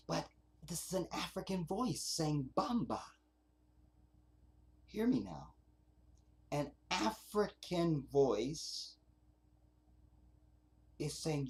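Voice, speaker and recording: A man's voice: on the high side, big pitch swings, takes it slowly, long pauses. A man hosting a casual livestream, rambling and swearing as he reads out viewer comments. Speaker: livestream host.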